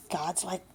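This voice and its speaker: A woman of fifty talking candidly in a vlog, blunt and swearing, dropping to a hushed breathy voice and then getting loud. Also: noisy background. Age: 50s. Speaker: vlogger.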